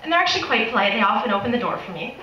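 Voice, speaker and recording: A woman from Canada with a Canadian accent, telling humorous personal stories in a lively way and laughing often. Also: fairly high pitch, racing, dull audio. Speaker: storyteller. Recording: echoey room from far off with noise.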